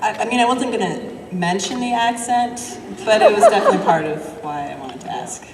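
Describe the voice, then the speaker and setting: A woman's voice: medium pitch, animated, brisk. A woman fan asking an actor a question at a convention, polite and a little shy. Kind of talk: audience question at a panel. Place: large convention hall. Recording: echoey hall with crowd noise, distant mic.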